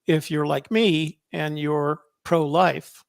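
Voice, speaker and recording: Gravelly man chatting on a podcast. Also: fairly high pitch, steady tone, slow pace, no echo, clean studio sound. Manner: rambling, self-correcting. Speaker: podcast co-host. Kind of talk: casual political chat.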